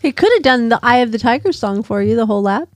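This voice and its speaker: High-voiced teasing woman, dry sound. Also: animated, fast, no room sound. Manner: teasing, encouraging, laughs easily. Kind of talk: casual chat.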